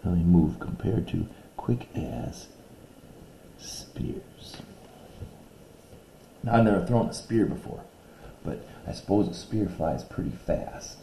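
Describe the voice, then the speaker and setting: A male teacher recording a lesson video, patiently explaining a poem step by step and reading its lines aloud slowly. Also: low voice, expressive, gravelly, mellow, slight background noise.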